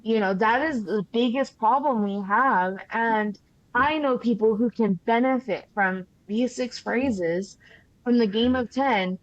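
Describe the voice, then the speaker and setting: A young adult woman co-hosting a podcast, speaking slowly and reflectively, searching for her words. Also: a little high, no room sound. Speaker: podcast co-host. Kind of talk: casual interview talk. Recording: dry, dull lo-fi sound.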